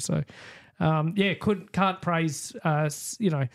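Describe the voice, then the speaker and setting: An Australian man co-hosting a podcast, telling a story in a casual, animated way and acting out the conversations. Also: a little high, a little slow, creaky. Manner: animated storyteller, acts out quoted exchanges. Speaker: podcast co-host. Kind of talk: casual chat.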